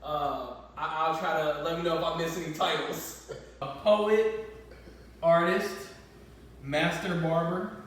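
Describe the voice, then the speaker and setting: At a barbershop, a male podcast host leads a casual group talk, joking loosely, repeating words and stumbling as he introduces a guest. His voice is a little high, slow and fairly bright. The room is echoey and the mic far off.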